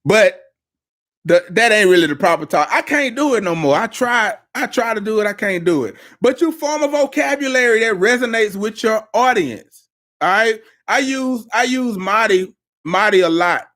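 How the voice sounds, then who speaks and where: On a live stream, a man coaches business owners with a preachy, emphatic pep talk, repeating phrases for effect. His voice is high and fairly bright, with lively intonation at a normal speed, picked up by a live-stream mic.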